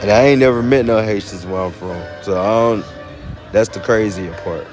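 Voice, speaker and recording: A man's voice: on the low side, moderate pace. A man with a Southern US accent talking casually on a phone live stream, rambling with many fillers and laughs. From United States. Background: music.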